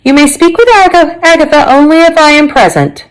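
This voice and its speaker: A woman's voice: high-pitched, a little fast, voice pushed up, close to an everyday voice, low-quality recording. A woman voicing a stern, commanding old grandmother in a storybook reading. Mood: imperious.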